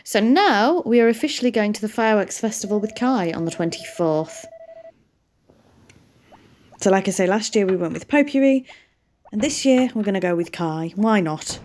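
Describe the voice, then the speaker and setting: A woman's voice: mid-range voice, expressive, moderate pace, darkish tone, slight background noise. A British woman hosting a gaming channel, chatting casually over her gameplay and often laughing at herself. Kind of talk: casual let's-play commentary.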